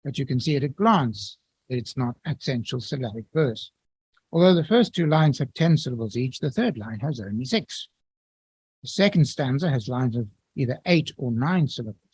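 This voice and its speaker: A man giving an academic lecture in a measured, explanatory way, with occasional restarts. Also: medium pitch, animated, darkish tone, husky, no room sound, low-quality recording.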